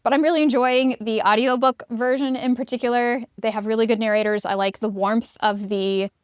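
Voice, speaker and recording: Clear-voiced woman co-hosting a book chat. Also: fairly high pitch, steady tone, a little fast, no room sound, studio quality. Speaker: podcast co-host. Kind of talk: casual book discussion.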